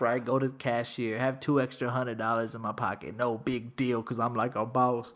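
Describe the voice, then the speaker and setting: A young man from Texas, a podcast host telling a casual story with lots of profanity, acting out quoted lines loudly. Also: medium pitch, little pitch movement, moderate pace, few pauses.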